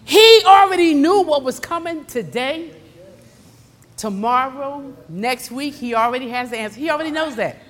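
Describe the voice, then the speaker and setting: A middle-aged woman preaching a sermon. She moves between low, conversational storytelling and fervent, shouted exhortation, calling out to the congregation. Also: expressive, moderate pace. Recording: long hall reverb.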